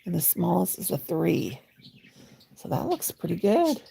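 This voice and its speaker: A woman's voice: lowish voice, big pitch swings, unhurried, creaky, warm tone, husky. A woman hosting a crochet livestream, chatting to viewers in a rambling, folksy way while she crochets. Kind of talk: casual livestream chat.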